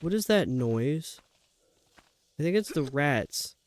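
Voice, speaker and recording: A man with a slightly high, sing-song voice speaks slowly while streaming a video game live. He grumbles in an exasperated way, talking to himself and his viewers as live gameplay commentary.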